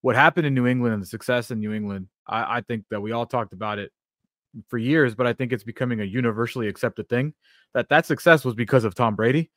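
A male sports talk co-host talks fast and picks apart the game. His voice sits close in a dry studio recording. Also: medium pitch, fairly bright tone, no echo.

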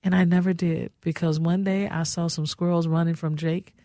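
A woman's voice: lowish voice, level tone, normal speed, warm tone, no room sound. Chatty woman radio host, dry studio sound. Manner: chatty, effusive, giggly. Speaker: radio talk show host. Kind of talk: casual radio talk.

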